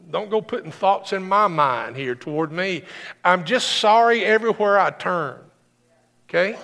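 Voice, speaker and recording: High-voiced preacher in an echoing hall. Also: male voice, a bit bright. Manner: earnest, repetitive, builds to emphatic peaks. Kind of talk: sermon.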